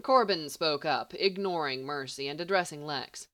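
A woman narrating a story in a steady, even reading voice. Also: sits low, moderate pace, hardly any pauses, slight background noise. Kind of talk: audiobook fiction reading.

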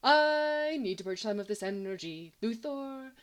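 Woman putting on a high sing-song toy bear voice, urgent, storybook reading. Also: animated, unhurried. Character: small sing-song stuffed bear creature.

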